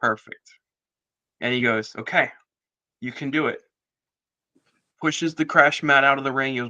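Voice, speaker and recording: A middle-aged man recounts a story as a podcast guest, slipping into other people's voices for quoted lines. His voice is bright and forceful, with a steady middle pitch. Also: measured pace, long pauses, highs cut off. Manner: animated storyteller, acts out quoted dialogue. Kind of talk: casual storytelling interview.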